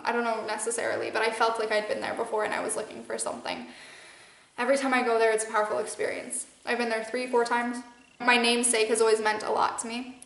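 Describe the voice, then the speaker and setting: A young woman with a Midwestern American accent talks in a loose, rambling way, doubling back and restarting her sentences with frequent small laughs. Her voice sits a little high. The room around her is echoey. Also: a bit bright. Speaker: podcast host and channeler. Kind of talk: casual monologue.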